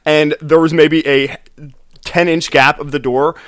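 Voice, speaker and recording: A man's voice: a little high, fairly even intonation, a little slow, a bit bright, smooth, dry recording, clean studio sound. A young man in casual chat with friends, joking around, laughing often and swearing casually. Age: young adult.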